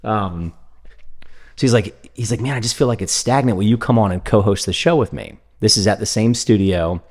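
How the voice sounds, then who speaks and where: A middle-aged man hosting a podcast, telling stories in a casual, animated way and laughing often. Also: lowish voice, fairly quick. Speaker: podcast host. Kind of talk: casual conversational interview. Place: podcast studio in an office.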